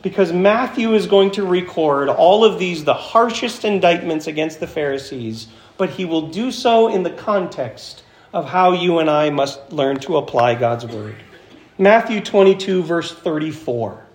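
A man preaching an emphatic sermon as pastor, slowing down to stress key phrases. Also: a little high, expressive. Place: church sanctuary. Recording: echoey church hall.

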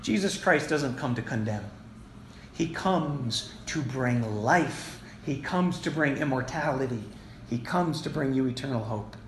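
A man's voice: a little high, gravelly, fairly bright tone, slight background noise. A male pastor preaching a sermon in an emphatic, repetitive style, calling out to his congregation. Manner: emphatic, repeats key phrases, addresses the congregation. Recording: echoey room with faint ambience.

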